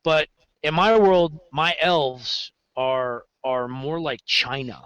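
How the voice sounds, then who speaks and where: A man, a game master guest on a podcast, talks casually and slowly about running his games, rambling, correcting himself, and telling stories with animation. His voice is medium-pitched with a clean tone, and the low-quality recording has no room sound.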